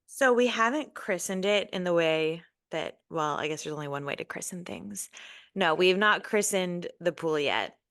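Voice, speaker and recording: A woman's voice: lowish voice, animated, normal speed, fairly bright tone, dry recording, studio quality. A pregnant woman co-hosting a podcast, chatting in a playful, easygoing way. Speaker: podcast co-host. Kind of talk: casual chat.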